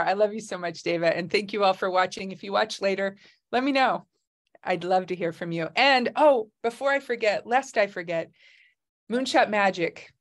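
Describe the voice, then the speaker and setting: A middle-aged woman hosting a casual video-call chat from Hawaii, effusive and emotional, often laughing. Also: medium pitch. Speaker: host. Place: home in Hawaii.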